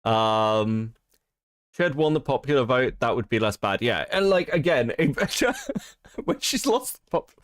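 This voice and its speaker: A man giving casual, profane live-stream commentary on chat, animated and laughing often. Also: medium pitch, unhurried, no room sound, studio quality.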